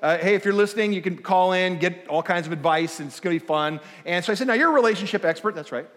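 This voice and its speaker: A man giving a conversational guest sermon, animated and self-deprecating, acting out dialogue as he tells a story. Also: sits high, fast, in a large hall. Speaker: guest speaker. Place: church auditorium.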